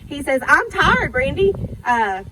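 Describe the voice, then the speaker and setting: A woman's voice: high voice, very animated, a little slow. A middle-aged woman giving an emotional eulogy at an outdoor graveside, telling the story and acting out remembered dialogue. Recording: outdoor recording with passing traffic noise.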